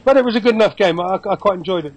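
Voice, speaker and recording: A man in his fifties from England, chatting about football over a video call, opinionated and quick with asides. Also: high voice, no room sound, low-quality recording. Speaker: football commentator guest.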